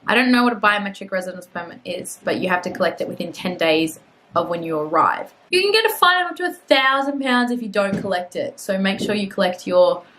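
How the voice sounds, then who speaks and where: A woman's voice: medium pitch, fairly bright tone, rough recording. A young Australian woman in a casual vlog, chatty and self-mocking, reading website text aloud and drifting into muttered asides. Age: young adult. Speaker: vlogger.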